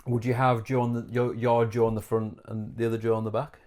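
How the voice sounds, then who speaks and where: A man co-hosting a podcast, teasing with quick questions and dry asides. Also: medium pitch, level tone, a little mellow. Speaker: podcast co-host. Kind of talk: casual chat.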